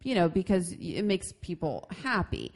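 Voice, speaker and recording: A woman with a notably low voice co-hosts a casual advice chat. She is middle-aged and talks in an animated way, circling back with restarts and fillers. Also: normal speed. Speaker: podcast co-host.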